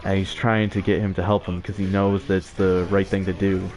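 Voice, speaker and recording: A man's voice: sits low, little pitch movement, moderate pace, a little mellow. A young man giving casual, rambling commentary over his gameplay, with frequent filler words and chuckles. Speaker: let's play gamer.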